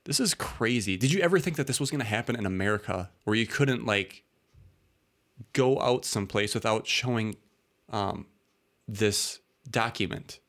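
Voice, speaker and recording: A man's voice: on the low side, animated, moderate pace, a bit bright. A man hosting a casual talk show, a bit tipsy from drinking, rambling and laughing as he talks. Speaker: podcast host. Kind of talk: casual chat.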